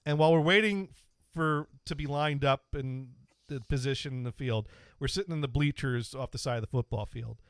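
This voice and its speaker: A man in the host's chair spins a rambling, self-mocking story, tripping over his words and circling back to restart. His voice sits at an ordinary middle pitch. The sound is close and dry, with hardly any room. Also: a little fast, no echo. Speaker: podcast host. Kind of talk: casual storytelling.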